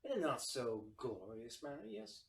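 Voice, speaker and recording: A man voicing a seductive female tiefling crime boss in a sultry, slow, purring manner, recorded from a distance in a roomy space. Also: mid-range voice, expressive, close to an everyday voice.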